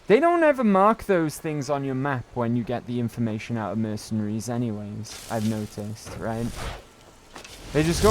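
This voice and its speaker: Chatty British man, lively voice. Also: medium pitch, normal speed, slight background noise. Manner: chatty, rambling, keeps tagging on "right?". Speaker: game streamer. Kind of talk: casual gaming chat.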